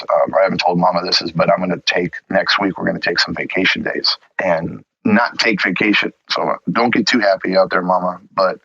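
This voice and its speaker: A man's voice: sits low, creaky, pushed and bright, breathy edge, dry recording. A man hosting a podcast in a candid, rambling and self-reflective way, in casual chat. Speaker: podcast host, pool service owner. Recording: dull lo-fi podcast audio.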